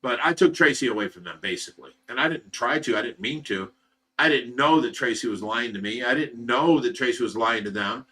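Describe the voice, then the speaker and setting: Rambling man telling a story, bright voice. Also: medium pitch, brisk. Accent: Ohio. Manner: rambling, repetitive, many fillers and restarts. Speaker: livestream host. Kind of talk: casual storytelling to viewers. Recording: voice some distance from the mic.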